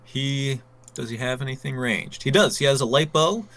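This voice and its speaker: A man's voice: medium pitch, normal speed, vocal fry, a bit bright. Guy running a tabletop game, lots of ums, counting squares, bit of hiss behind. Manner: thinking aloud, with frequent ums and counting. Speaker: game master.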